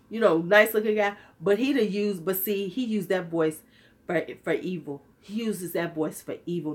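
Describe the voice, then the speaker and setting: During a casual livestream, a vlogger in her fifties talks directly to her viewers in a candid, sassy, joking way. Her mid-pitched voice sounds slightly worn out.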